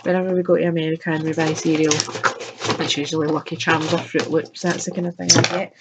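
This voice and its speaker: Woman, lowish voice, chirpy casual unboxing chat, noisy home recording. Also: fairly quick. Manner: chatty, chirpy, breaks into laughs. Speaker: unboxing vlogger.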